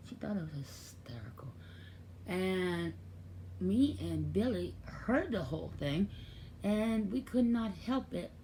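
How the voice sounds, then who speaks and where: A woman's voice: fairly low pitch, gravelly, warm tone, a little hiss or hum. An older woman, a grandmother, telling family stories in a chatty, casual way. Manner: chatty, acts out quoted voices. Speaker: grandmother and caregiver. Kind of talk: casual storytelling vlog.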